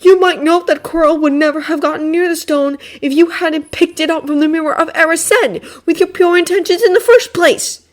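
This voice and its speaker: A woman's voice: extremely high pitch, expressive, moderate pace, pitched above the performer's own voice. A woman doing a sardonic, exasperated schoolboy wizard. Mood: grim. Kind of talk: fan audiobook character voice.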